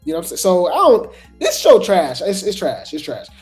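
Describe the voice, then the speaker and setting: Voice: medium pitch, wildly swooping pitch, a little fast, faint music behind. A host giving casual commentary, rambling with lots of fillers, repeated words and chatty asides to viewers.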